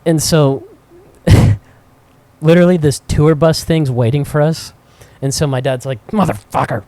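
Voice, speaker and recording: A man co-hosting a podcast, telling profane, animated anecdotes with frequent laughter in casual chat. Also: a little high, unhurried, dry recording. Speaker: podcast co-host. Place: cigar shop.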